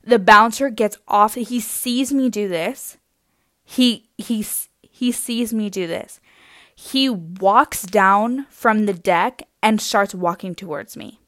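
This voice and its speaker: A young woman telling a comic anecdote in an animated, exaggerated way. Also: mid-range voice, slow, no echo, studio quality. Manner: animated, exaggerated, laughing through lines. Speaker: storyteller.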